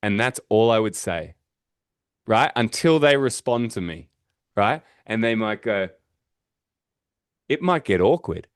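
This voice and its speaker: A man's voice: on the low side, lively intonation, measured pace, long pauses, clean tone. A man coaching real estate agents on door-knocking, casually acting out doorstep conversations. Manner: casual, acts out doorstep dialogue. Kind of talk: teaching door-knocking technique.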